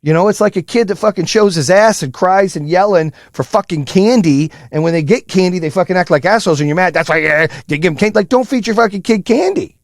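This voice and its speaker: A man hosting a podcast, giving an intense, profane motivational monologue in a high-strung, high-energy way. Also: quick pace, hardly any pauses, no room sound, clean studio sound. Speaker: podcast host.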